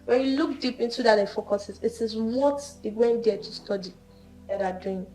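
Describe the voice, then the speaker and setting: A woman's voice: on the high side, moderate pace, reverberant, soft background music, poor audio. A young woman, a banking and finance student, talking casually and telling stories in a group discussion. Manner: chatty, storytelling, animated.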